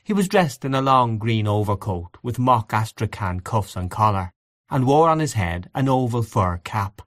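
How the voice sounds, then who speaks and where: A man with a low voice reads classic fiction aloud in a measured, expressive way. His inflection is lively, and the recording is close and dry. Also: no echo. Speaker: narrator. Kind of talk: audiobook narration of classic fiction.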